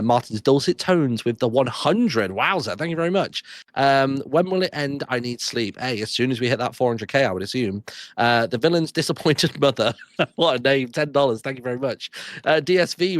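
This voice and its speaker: A man hosting a charity livestream, reading out donor names one after another with quick thanks and little asides. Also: medium pitch, no room sound. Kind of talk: live donation readout.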